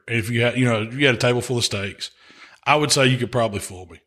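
A man, hosting a casual podcast chat in a relaxed drawl and chuckling often. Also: mid-range voice, fast talker. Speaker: podcast host, pitmaster.

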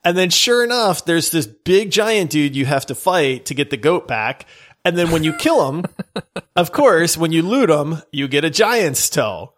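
Excitable guy retelling a story on a podcast, slightly high voice. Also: measured pace. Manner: excitable, acts out scenes in voices. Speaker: podcast co-host. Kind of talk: casual chat, animated storytelling.

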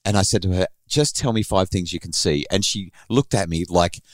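Lively middle-aged male podcast host. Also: sits low, normal speed, dry recording. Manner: animated, with frequent restarts. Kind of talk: storytelling on a podcast.

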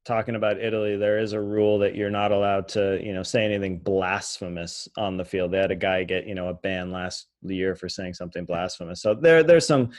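Low-voiced man running a quiz. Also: steady tone. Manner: measured, explains facts and figures. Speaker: podcast co-host running a quiz. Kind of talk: casual chat.

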